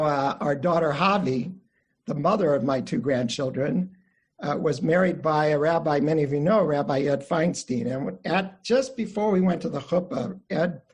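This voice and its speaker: An older man leads an online study class, his voice pitched a little high and slightly husky. He tells family stories in a friendly, conversational way and livens up the voices he quotes. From United States (Midwest). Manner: warm anecdotal storytelling, animated quotes. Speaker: Jewish studies teacher. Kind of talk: online class lecture with storytelling.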